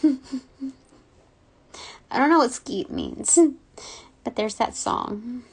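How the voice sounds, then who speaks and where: Woman, casual intuitive reader; unhurried, gravelly fry, rambling and giggly. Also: on the high side, wildly swooping pitch. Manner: rambling, many ums and likes, giggly. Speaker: spiritual reader. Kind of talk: casual intuitive reading monologue.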